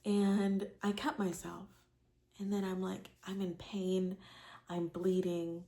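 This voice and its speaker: A woman's voice: medium pitch, level tone, takes it slowly, dark tone. A woman in her twenties frankly telling a rambling personal story to camera, with many fillers and casual swearing. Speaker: vlogger.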